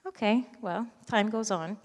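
A woman in her thirties giving a personal faith testimony, earnest and halting, with frequent restarts. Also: mid-range voice. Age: 30s. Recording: reverberant hall.

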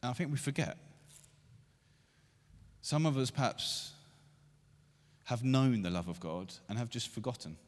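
A man in his thirties preaching a sermon to a church meeting, building to loud, emphatic repeated lines. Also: mid-range voice, animated, a little slow, long pauses. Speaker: pastor. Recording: long hall reverb.

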